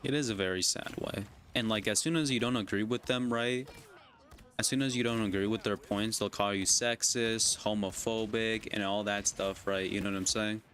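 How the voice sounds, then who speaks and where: A man with a fairly low voice rants casually during a gaming stream. He is argumentative and keeps checking in with "right?" and "you know?". A faint hum of noise sits behind him. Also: steady tone, moderate pace, fairly bright tone. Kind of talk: casual rant while gaming.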